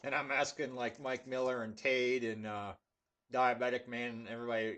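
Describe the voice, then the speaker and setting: A man telling casual stories with many fillers, then reviewing a pipe tobacco in a relaxed, rambling way. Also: mid-range voice, fairly quick. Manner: laid-back rambling with fillers.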